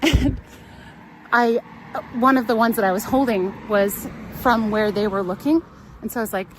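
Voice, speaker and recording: A woman's voice: a little high, moderate pace, a little hiss or hum, rough recording. Chatty Californian woman driving. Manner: chatty, rambling storyteller who laughs often. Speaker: travel livestream host. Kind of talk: casual chat while driving.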